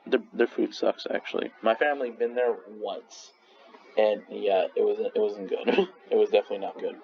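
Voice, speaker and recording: A man's voice: lowish voice, steady tone, moderate pace, gravelly. A young man casually ranking restaurants in a rambling, swearing vlog monologue full of restarts. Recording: slightly dull lo-fi recording with faint noise.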